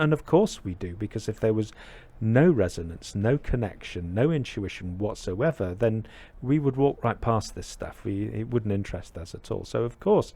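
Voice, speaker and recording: A deep-voiced man gives a reflective dharma talk, his tone low and husky. He pauses often and searches for words, circling back as he thinks aloud. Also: darkish tone. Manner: reflective, hesitant with many fillers. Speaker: Buddhist teacher.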